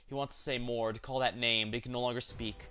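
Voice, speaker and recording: A man's voice: mid-range voice, fairly even intonation, fast talker, sharp tone, slight background noise. A man streaming as he narrates a game story aloud, reading steadily with occasional slips and corrections.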